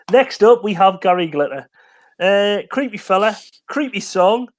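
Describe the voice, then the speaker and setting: Casual streamer, male, tired, giggly, high voice. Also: lively intonation, takes it slowly. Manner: chatty, giggly, rambling. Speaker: co-host of a music live stream. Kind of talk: casual chat.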